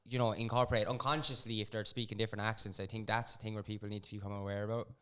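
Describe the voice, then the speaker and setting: A man hosting a podcast, chatting casually and telling stories in a rambling, animated way with lots of fillers. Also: on the low side, rapid-fire, smooth. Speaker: podcast host.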